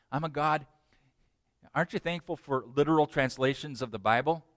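Guy preaching, animated, kinda high voice, dry close sound. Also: normal speed, no echo. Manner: animated, asks the congregation questions. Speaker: pastor. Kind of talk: sermon.

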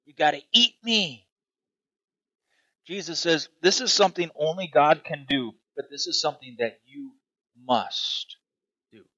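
A man preaching a sermon, emphatic, swinging from loud declarations to hushed asides. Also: on the high side, no echo, muffled recording. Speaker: pastor.

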